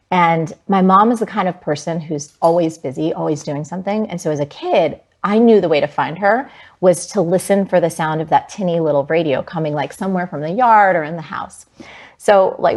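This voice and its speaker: A woman in her forties from New Jersey, telling a personal story as an interview guest, animated and vivid with many "like"s. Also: fairly low pitch.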